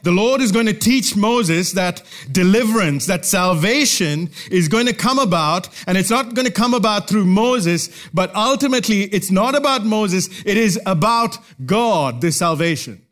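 High-voiced male preacher, measured. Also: animated, fairly bright tone. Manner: measured teaching delivery with emphatic pauses. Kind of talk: expository sermon.

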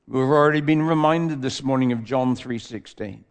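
A man preaching a sermon, stressing key words hard and then dropping his voice low. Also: moderate pace, hardly any pauses, clear, resonant tone.

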